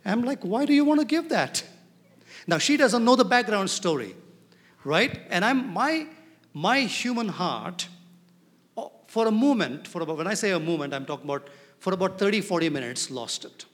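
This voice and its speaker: A man preaching a sermon as pastor, animated and often asking his congregation questions. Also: high-pitched, moderate pace. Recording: reverberant hall.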